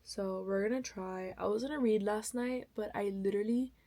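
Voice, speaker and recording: A woman's voice: mid-range voice, normal speed, warm tone, poor audio. Chatty young woman vlogging about books. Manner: chatty and rambling, correcting herself often. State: tired. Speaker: book vlogger. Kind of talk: casual chat to camera.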